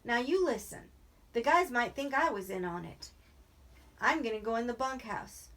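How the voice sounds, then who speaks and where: A woman's voice: on the high side, animated, normal speed. A woman reading as a worried, urgent ranch worker. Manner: urgent, pleading. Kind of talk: reading a novel aloud.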